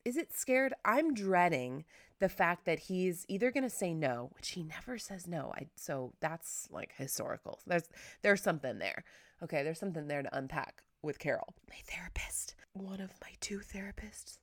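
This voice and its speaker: A woman's voice: on the low side, sing-song, moderate pace, no echo, studio quality. A woman hosting a casual solo podcast, chatty and rambling, self-deprecating, with lots of filler words. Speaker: podcast host.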